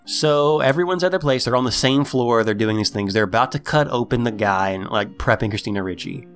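A man casually recapping a TV episode for a podcast, acting out the characters in high, excited voices. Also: a little fast, faint music behind. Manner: animated storytelling, acts out characters in high voices. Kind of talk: casual chat.

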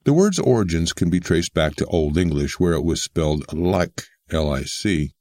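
Man, deep low voice, steady scripted narration, dry close mic. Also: normal speed, dry recording. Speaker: narrator of a book summary.

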